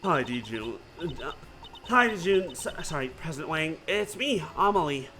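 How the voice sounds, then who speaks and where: A man doing a soft, hesitant young mother. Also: a little high, expressive, normal speed, faint music behind, rough recording. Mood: gentle.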